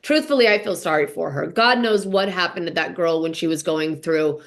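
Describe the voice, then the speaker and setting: A woman's voice: lowish voice, normal speed. A young woman hosting a podcast, recapping reality TV in a casual monologue and acting out quotes with dramatic emphasis. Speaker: podcast host.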